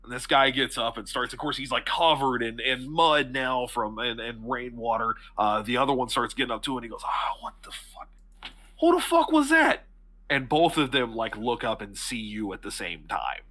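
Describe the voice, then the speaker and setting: A man's voice: mid-range voice, moderate pace, hardly any pauses, sharp tone. A man narrating a tabletop horror game as game master, loose and hesitant, with many restarts.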